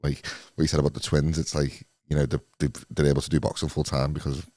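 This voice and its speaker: A man's voice: a bass voice, flat delivery, fast, warm tone, no echo. A man in his late thirties hosting a casual podcast chat, talking in a loose, agreeable way. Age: 30s. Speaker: podcast host.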